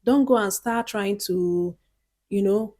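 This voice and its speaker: A woman talks straight to camera in a casual advice vlog. She is chatty and earnest, and she often pauses to check in with her viewers. Her voice sits at an ordinary middle pitch. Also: dark tone. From Nigeria. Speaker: vlogger.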